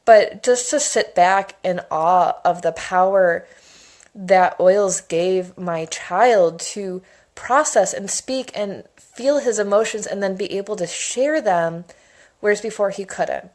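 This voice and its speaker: A woman's voice: mid-range voice, slow pace, a little mellow. A woman in her thirties giving a casual, enthusiastic monologue, rambling through personal stories as an essential oils educator. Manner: chatty and enthusiastic, rambling storytelling.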